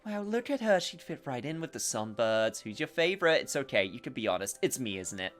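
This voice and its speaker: A man's voice: mid-range voice, big pitch swings, a little fast, a bit bright, faint music behind. A man voicing a vain, glamorous female stage singer in a game, haughty and teasing.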